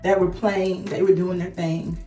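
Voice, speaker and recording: A woman's voice: on the low side, moderate pace, faint music behind. Woman in her 30s, emphatic storyteller, couple's channel co-host, echoey room. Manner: animated, emphatic retelling. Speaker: co-host, wife. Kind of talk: casual storytelling chat.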